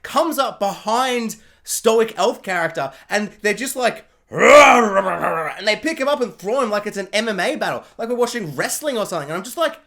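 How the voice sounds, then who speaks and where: A show reviewer in a casual rant, sarcastic and animated, often slipping into mock quotes. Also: mid-range voice.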